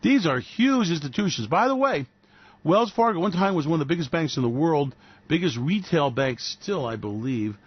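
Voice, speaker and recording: Snarky cussing radio guy, kinda high voice, dry muffled sound. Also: lively intonation, normal speed, husky, no room sound. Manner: sarcastic, profane, mocking. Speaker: radio show host. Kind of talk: solo financial commentary rant.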